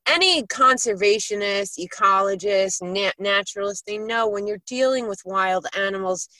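A woman's voice: medium pitch, moderate pace, bright, forceful tone, no room sound, low-quality recording. A woman co-hosts a casual podcast and talks bluntly, cursing freely as she goes. The sound is dry and close, with no room around her voice. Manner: blunt and profane, swearing freely. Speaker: podcast co-host. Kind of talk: casual chat.

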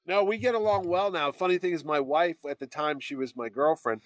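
A middle-aged man telling lively anecdotes in casual chat, jumping his voice up high to quote other people. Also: a little fast, no echo. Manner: animated anecdotes, jumps pitch to quote others. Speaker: comic convention organizer and podcast host.

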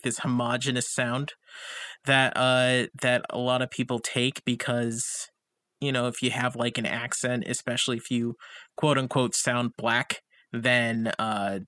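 A man co-hosting a casual discussion, halting with many fillers and restarts. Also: medium pitch, sharp tone. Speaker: co-host.

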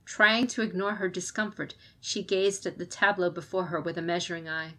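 A woman reading a fantasy novel aloud as audiobook narrator, in a steady storytelling manner. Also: lowish voice, moderate pace, few pauses. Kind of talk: scripted narration.

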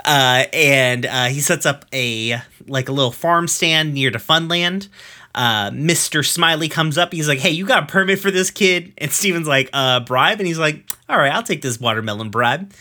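Bright-voiced man recapping casually. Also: mid-range voice. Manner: loose and profane, many fillers, quick asides. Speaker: podcast co-host recapping a cartoon episode. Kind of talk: casual chat, episode recap.

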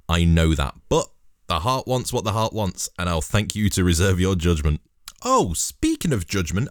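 Deep-voiced man, casual sweary comic monologue, dry close sound. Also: clean tone, no echo. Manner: sweary, rambling, sardonic.

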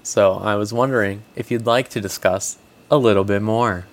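A man with a somewhat low voice hosts a casual podcast. He talks in a loose, rambling way, with plenty of filler words. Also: moderate pace. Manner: relaxed, lots of "like" fillers. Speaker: podcast host.

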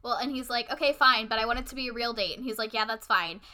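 A young woman with a very bright, fairly high voice chats through a film's plot. She is casual and wry, tossing in offhand remarks. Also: quick pace. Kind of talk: casual chat recapping a movie.

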